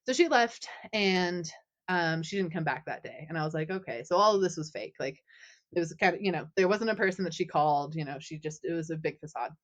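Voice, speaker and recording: Woman podcast guest, low-ish voice, animated chatty storyteller, muffled lo-fi recording. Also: a little fast. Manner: animated, heavy use of "like". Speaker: guest author.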